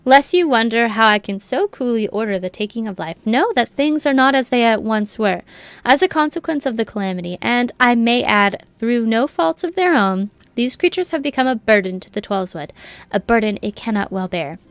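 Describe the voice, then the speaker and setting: A woman reading the lines of a solemn forest guild master aloud from a game, formal and measured. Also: on the high side, animated, no room sound.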